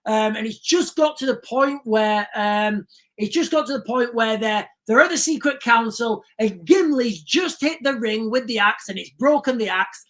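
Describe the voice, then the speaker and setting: A woman's voice: on the high side, moderate pace, a bit bright. A woman hosting a casual livestream, rambling and repeating herself, earnest and emotional, often calling her viewers "guys". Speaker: livestream host.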